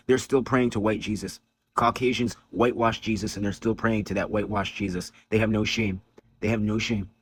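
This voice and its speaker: Man, video commentator, heated preachy rant, profane, repetitive, somewhat low voice. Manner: angry, preachy, profane, repeats phrases for emphasis. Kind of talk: heated religious commentary monologue.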